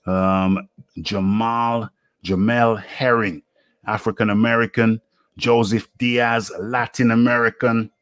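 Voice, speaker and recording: A man hosting a boxing talk show, musing aloud in casual commentary with many fillers and pauses. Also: fairly low pitch, flat delivery, a bit bright, clean tone, dry recording. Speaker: boxing radio host.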